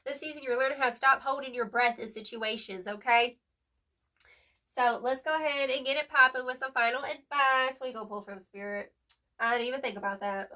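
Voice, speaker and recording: A woman's voice: high-pitched, sharp tone, recorded from a distance. A young woman doing a casual tarot reading, chatty and emphatic, full of slang, calling the listener "boo-boo" and closing points with "period.". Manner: slangy, affectionate, calls the viewer "boo-boo". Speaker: tarot reader.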